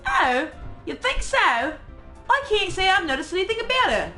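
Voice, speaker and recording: A woman voicing a poised, friendly female club president in a game, light and measured. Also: very high voice, sing-song, bright, forceful tone, faint music behind, voice pushed up, exaggerated voice. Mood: polite.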